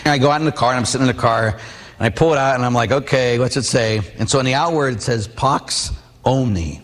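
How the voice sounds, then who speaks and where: Storytelling priest in a reverberant hall. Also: male voice, medium pitch, rapid-fire. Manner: storytelling, rhetorical questions to the audience. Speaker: Catholic priest. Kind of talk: sermon with personal stories.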